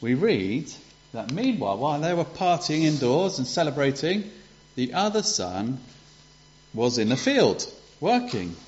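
Speaking to a congregation, a preacher gives a children's talk, retelling a parable conversationally and posing rhetorical questions. His voice sits a little high, with a darkish tone, very animated delivery, and a slightly slow pace. The recording is dull and lo-fi.

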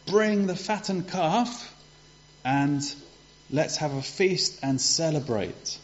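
A man's voice: fairly high pitch, animated, slow pace, lo-fi sound, voice pushed up. A man doing a joyful, loving father.

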